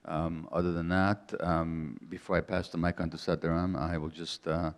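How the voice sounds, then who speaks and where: A man in his seventies from Hungary, hosting a live event and giving halting closing remarks with many restarts. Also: deep voice, little pitch movement. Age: 70s. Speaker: event host.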